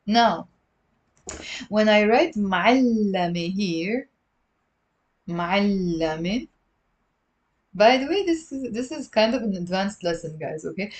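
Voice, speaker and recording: Lebanese-accented woman, online language teacher, patient and repetitive, mid-pitched voice. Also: darkish tone. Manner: patient, repeats words slowly, greets viewers by name. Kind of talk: live-stream language lesson.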